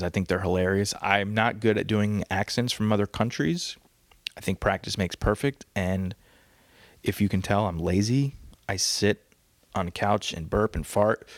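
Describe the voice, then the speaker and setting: A man with a low, gravelly voice hosts a casual solo podcast, rambling and crude, often laughing at his own jokes. His voice is recorded close and dry, with no room sound around it. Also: steady tone, normal speed, no room sound. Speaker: podcast host. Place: home, on a couch.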